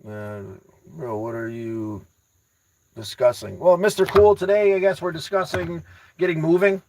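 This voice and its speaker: A man hosting a casual livestream, reading chat aloud and rambling excitably with motivational talk, often repeating his words. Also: a little high, a little slow, slight background noise, poor audio. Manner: addresses viewers by name, teasing.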